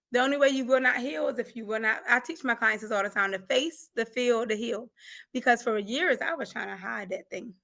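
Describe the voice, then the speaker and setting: A woman with a slightly high, sharp-toned voice appears as an interview guest and coach. She gives an emotional personal testimony, earnest and emphatic, often breaking into laughter.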